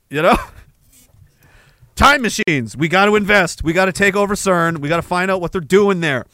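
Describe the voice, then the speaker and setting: A man's voice: sits high, moderate pace, pauses often, sharp tone, dry recording. A man hosting a podcast, ranting crudely and sarcastically and reading out chat comments. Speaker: podcast host. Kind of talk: casual livestream rant.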